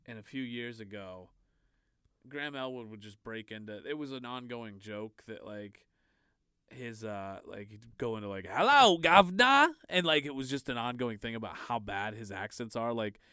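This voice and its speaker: A man's voice: lowish voice, moderate pace, a bit bright, smooth, no room sound, clean studio sound. A man co-hosting a casual podcast, talking loosely with lots of fillers. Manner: loose and rambling, heavy on fillers. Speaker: podcast co-host.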